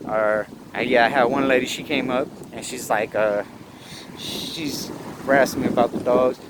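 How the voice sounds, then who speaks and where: A man's voice: fairly even intonation, moderate pace. Guy rambling through stories outside, swears a lot, fixes himself mid sentence, faint traffic behind. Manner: rambling, self-correcting, swears freely; acts out other people's lines in a higher voice. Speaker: vlogger. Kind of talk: casual storytelling.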